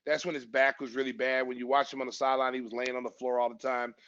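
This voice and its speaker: A man in his fifties from Oklahoma, a former basketball player and podcast guest, telling stories in a casual, animated way and acting out the voices of people he quotes. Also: medium pitch, fast talker. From Oklahoma, USA. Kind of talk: casual storytelling. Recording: dull lo-fi podcast recording.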